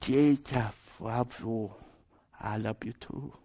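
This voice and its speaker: A man softly voicing a gentle woman in broken English. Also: mid-range voice, steady tone, voice pushed down. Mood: tender. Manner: slow, soft, halting broken English.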